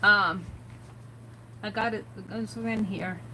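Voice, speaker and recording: A woman's voice: medium pitch, fairly even intonation, slow pace, pushed and bright, slight background noise, poor audio. A woman hosting a casual art livestream, chatting and reading quotes aloud with amused comments. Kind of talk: casual craft livestream chat.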